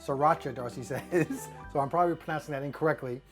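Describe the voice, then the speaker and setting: An older man casually talks through a cooking demo as the cook on a fishing show, rambling and hesitant, with self-deprecating asides. His voice is fairly high, a little mellow, and fast, with soft music in the background.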